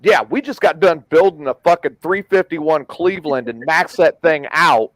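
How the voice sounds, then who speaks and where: A man with a notably high voice spins a rowdy, swear-filled yarn, laughing along as he goes. The sound is close and dry, with no room around it. He sounds like a regular on a casual talk show. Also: normal speed, dry recording, rough recording. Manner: profane, rambling storyteller who laughs at his own stories. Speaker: podcast host. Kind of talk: casual storytelling chat.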